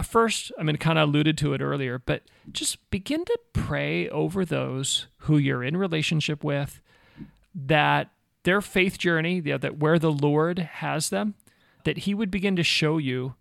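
A man with a strongly gravelly, creaky voice, pitched a touch above the usual, talks through a faith conversation in an animated storytelling way. The sound is dry and close. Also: no room sound. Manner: animated storyteller, acts out quotes. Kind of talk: casual faith talk with storytelling.

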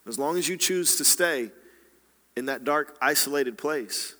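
Bright-voiced male preacher in a reverberant hall. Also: fairly high pitch, unhurried. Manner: dynamic preaching, dropping to hushed tones and rising to loud exhortation. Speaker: pastor. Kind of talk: sermon.

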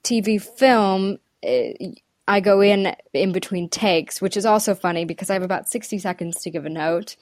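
A woman's voice: medium pitch, moderate pace, no echo, clean studio sound. A woman who works as a dialect coach, chatting in an interview, thinking aloud and laughing between phrases. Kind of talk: casual interview chat.

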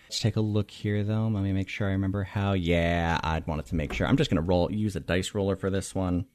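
A young man narrating a tabletop game as game master, calm and measured. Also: sits low.

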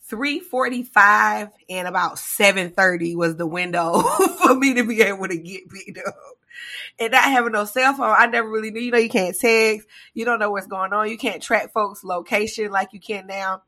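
Woman co-host, bright forceful tone, lively storyteller. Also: medium pitch, normal speed. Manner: animated storytelling, laughs often, acts out relatives' lines. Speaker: podcast co-host. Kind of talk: casual chat.

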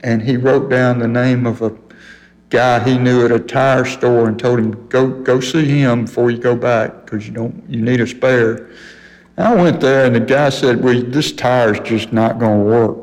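A man's voice: mid-range voice, fairly even intonation, normal speed, darkish tone, long reverb tail, rough recording. Older man spinning a yarn. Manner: folksy, laughs often while telling. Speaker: radio guest telling a story. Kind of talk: casual storytelling on radio.

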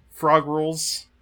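Here a podcast co-host recaps an episode in a bright, forceful voice pitched on the high side. He chats casually, cracks jokes and laughs frequently.

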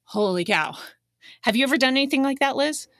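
A woman's voice: high-pitched, animated, fairly quick, a bit bright, dry recording, clean studio sound. A woman co-hosting a podcast in casual, playful chat, often laughing. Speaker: podcast co-host.

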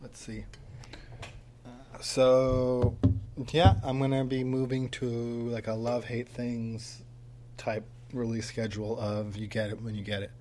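A podcast host rambles on his own from a home studio, his mic on a tripod, with plenty of ums and a dry, self-mocking wit. He has a mid-range, darkish voice with a level tone and a measured pace, and there's slight background noise.

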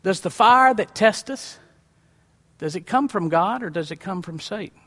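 A man's voice: high voice, lively intonation, moderate pace, pushed and bright. A male pastor preaching a sermon, repeating lines and asking the congregation questions, with a folksy, dramatic emphasis. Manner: preaching with rhetorical questions and repetition.

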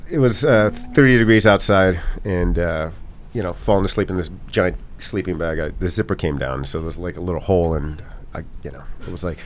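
A man chatting as a podcast guest, laid-back and halting, with lots of fillers. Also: low voice, slight background noise. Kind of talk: casual podcast chat.

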